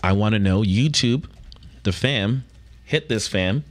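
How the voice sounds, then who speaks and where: A man's voice: lowish voice, lively intonation, unhurried, no room sound. A man hosting a podcast in joking, playful casual chat. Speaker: podcast host.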